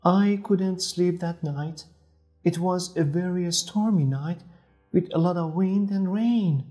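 A young woman reading a first-person story slowly and clearly for language learners. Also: fairly low pitch, dark tone. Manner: slow, clear, careful reading. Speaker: narrator. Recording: faint music behind.

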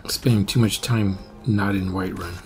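A man giving casual gameplay commentary, rambling and correcting himself, sometimes trailing off into quiet mutters. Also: lowish voice, fairly even intonation, normal speed, soft background music.

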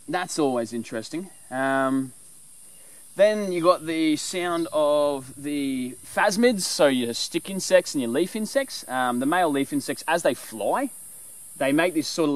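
A man's voice: on the high side, unhurried, no room sound. Rambling man talking bushcraft. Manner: rambling, relaxed, full of fillers. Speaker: bushcraft vlogger. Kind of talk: casual explanation with animal call demos.

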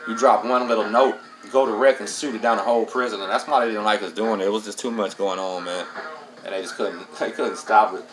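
A man's voice: on the low side, fairly even intonation, a little fast, fairly bright tone, a little hiss or hum, low-quality recording. A middle-aged man hosts a casual storytelling monologue, streetwise and profane, dropping "man" into nearly every line. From Texas. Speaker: host.

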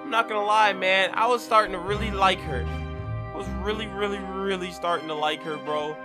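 Excitable high-voiced young man gamer. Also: brisk. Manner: excitable, slangy, loud reactions. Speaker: gaming channel host. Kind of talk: Minecraft role-play commentary. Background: background music.

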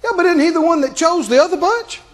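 A male pastor preaching a sermon to a congregation, asking them questions and climbing to high, emphatic peaks. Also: lively intonation, quick pace.

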